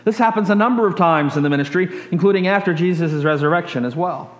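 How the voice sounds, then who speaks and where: A male pastor preaching a sermon as a lively story, stringing his sentences together with "and" as the excitement builds. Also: high-pitched, quick pace. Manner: animated, builds excitement in long chains of "and". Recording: roomy echo.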